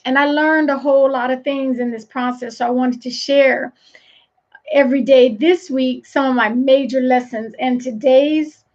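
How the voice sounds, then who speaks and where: Emphatic high-voiced woman coach, lo-fi. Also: a little mellow. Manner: emphatic, preachy, repeats phrases. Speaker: leadership coach. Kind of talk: motivational live talk. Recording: dull lo-fi sound.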